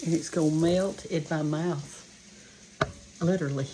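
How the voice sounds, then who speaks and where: A woman's voice: low-pitched, fairly even intonation, measured pace, pauses often. An older woman from the American South with a Southern accent, chatting folksily to viewers while cooking in her home kitchen. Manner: folksy, homey, talks to viewers as y'all and honey. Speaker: cooking show host. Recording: kitchen noise behind voice. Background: frying and sizzling of cooking.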